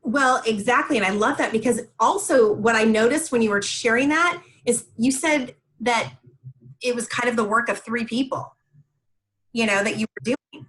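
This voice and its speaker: A woman's voice: on the high side, moderate pace, fairly bright tone, rough recording. A woman hosting a group coaching call, speaking in an encouraging, reflective way. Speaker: host.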